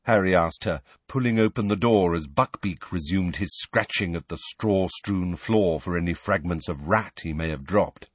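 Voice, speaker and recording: A man narrating an audiobook with an expressive, storytelling delivery. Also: low voice, normal speed, hardly any pauses, slightly rough, no echo. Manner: expressive, lively reading. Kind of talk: scripted narration.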